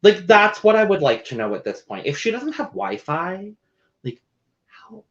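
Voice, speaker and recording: A man co-hosting a casual recap show, chatty and animated, with playful asides. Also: high voice, normal speed. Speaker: podcast co-host. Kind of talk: casual chat. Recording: dull lo-fi audio.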